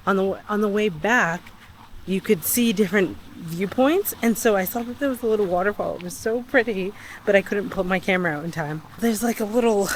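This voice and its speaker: A woman's voice: mid-range voice, slight background noise. A young woman narrating a casual travel vlog while walking around outdoors, chatty and rambling. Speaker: travel vlogger. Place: outdoors on a day trip, walking.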